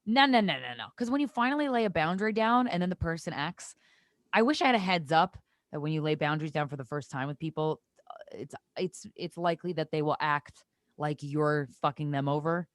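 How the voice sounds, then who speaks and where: Give me a woman, a slightly low voice, telling animated stories on a podcast with a dry close sound. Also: fairly quick, no room sound. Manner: animated storytelling, acts out quoted voices, swears freely. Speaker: podcast guest. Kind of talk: casual podcast chat.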